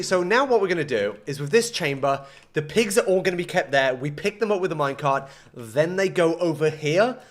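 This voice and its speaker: On a live stream, a young gaming streamer talks through his play in a slightly high voice that leaps from muttering to loud outbursts. He's excitable and self-mocking as he figures things out, swinging between frustration and laughter.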